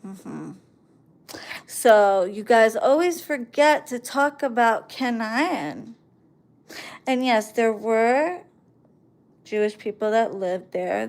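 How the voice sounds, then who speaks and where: A woman's voice: medium pitch, creaky, darkish tone. A woman hosting a live stream, talking to her viewers in a sarcastic, ranting, mocking monologue.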